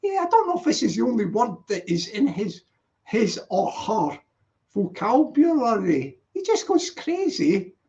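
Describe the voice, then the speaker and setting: A man in his sixties from Glasgow, whose accent mixes Glaswegian with some London, hosts a casual livestream, greeting viewers and rambling with many "yeahs." His mellow voice sits high, very animated, at a moderate pace. The sound is dull, lo-fi stream audio.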